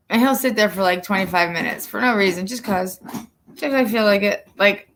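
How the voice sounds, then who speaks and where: A young woman with a bright, forceful voice, chatting casually on a couple's livestream. She tells stories bluntly and animatedly, swearing freely. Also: mid-range voice, a little hiss or hum. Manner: blunt, profane, animated storytelling. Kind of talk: casual chat.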